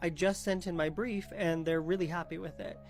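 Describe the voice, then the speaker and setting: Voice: medium pitch, steady tone, a little fast, faint music behind, lightly acted. A storyteller quoting a secretive, evasive husband in a spooky story. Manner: evasive, apologetic.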